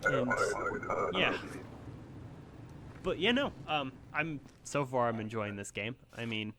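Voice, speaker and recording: Guy rambling over gameplay, lots of ums, pokes fun at himself, mid pitch. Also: lively intonation, slow pace, very noisy. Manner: rambling, filler-heavy, self-deprecating. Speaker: gaming channel host. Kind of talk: casual gameplay commentary.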